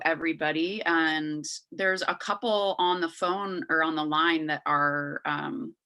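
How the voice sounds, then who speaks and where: Woman, low voice, casual presenter on a video call through earbuds, full of fillers. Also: pushed and bright, low-quality recording. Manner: chatty, filler-heavy, loses her words. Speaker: program coordinator presenting a farming course. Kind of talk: online meeting presentation. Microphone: Bluetooth earbuds on a video call.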